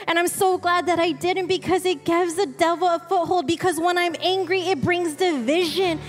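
A woman's voice: very high-pitched, moderate pace, few pauses. A woman, a wife and mother, co-hosting a faith talk in a candid, self-deprecating, conversational way. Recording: long reverb with faint music behind.

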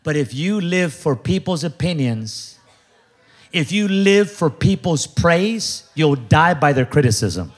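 High-voiced animated man preaching. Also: slow pace. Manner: animated, jokey, acts out voices of others. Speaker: pastor. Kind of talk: sermon. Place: large church before a congregation.

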